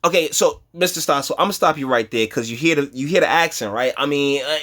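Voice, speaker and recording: A man hosting a casual reaction commentary, talking in an animated, rambling way with repeated words and laughs. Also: fairly high pitch, fast talker. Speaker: commentary channel host.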